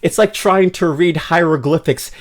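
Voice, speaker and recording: A man's voice: fairly high pitch, normal speed. A man streaming a game, chatting casually with viewers in a joking, self-mocking way, stumbling over foreign words and putting on mock-dramatic outbursts. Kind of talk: casual livestream chat reacting to viewers.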